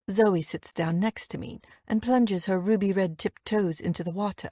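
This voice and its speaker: A woman's voice: medium pitch, normal speed, few pauses, dry recording. Woman reading a steamy romance close-up. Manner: intimate, expressive reading with voiced dialogue. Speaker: audiobook narrator. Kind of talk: first-person romance audiobook narration.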